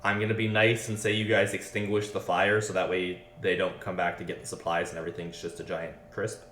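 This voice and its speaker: A man's voice: deep voice, little pitch movement, fairly quick, fairly bright tone, a little hiss or hum. A man running a tabletop game on a live stream, talking casually and loosely, apologizing often and restarting his sentences. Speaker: game master. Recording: roomy echo.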